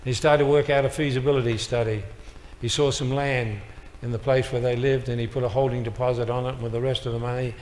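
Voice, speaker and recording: A man's voice: medium pitch, fairly even intonation, quick pace, hardly any pauses, a little mellow. A man speaking to a live audience as a motivational speaker, telling stories with emphatic, punchy one-liners. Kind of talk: storytelling speech to an audience. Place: large hall with a live audience. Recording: reverberant hall with faint noise.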